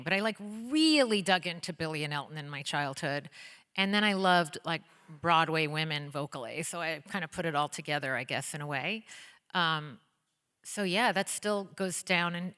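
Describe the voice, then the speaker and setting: Enthusiastic woman storyteller, lowish and smooth, lively chatter, long hall echo. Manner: bubbly, excited storytelling, many likes and ums. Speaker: guest, pop singer and author. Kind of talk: onstage interview. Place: auditorium stage before an audience.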